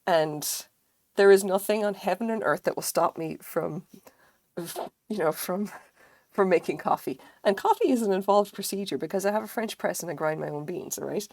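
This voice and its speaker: A woman's voice: mid-range voice, normal speed, darkish tone, no echo. A woman streaming live, chatting casually with her viewers in a rambling way and swearing freely. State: recovering from illness, sense of taste dulled. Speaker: craft streamer.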